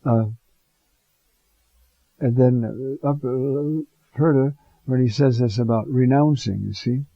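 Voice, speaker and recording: Priest, homily, chatty with fillers; dull, dry lo-fi recording. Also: male voice, mid-range voice, takes it slowly, dry recording. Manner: conversational, many fillers and asides.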